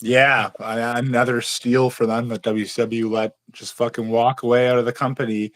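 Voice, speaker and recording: A man's voice: medium pitch, little pitch movement, normal speed. A young man co-hosting a podcast in casual chat, blunt and swearing freely. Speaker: podcast co-host.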